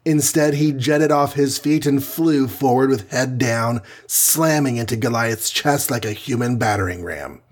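A man with a husky voice narrating a superhero adventure story in an even storytelling manner. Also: mid-range voice, a little slow, few pauses. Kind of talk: audiobook narration.

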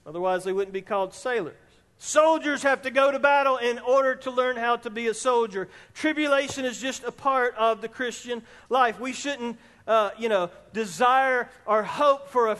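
A man preaching a sermon as pastor of a church, speaking emphatically and rising at times almost to a shout. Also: very high voice. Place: church sanctuary. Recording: long reverb in a hall.

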